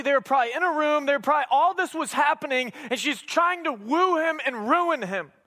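A man's voice: very high voice, pushed and bright. A man preaching a sermon in an emphatic, conversational manner with humorous asides.

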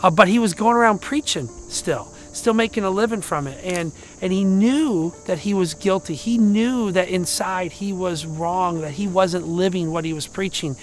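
A man pastor giving a conversational sermon, telling stories, swinging from loud emphasis to hushed lines. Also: high-pitched, normal speed, few pauses.

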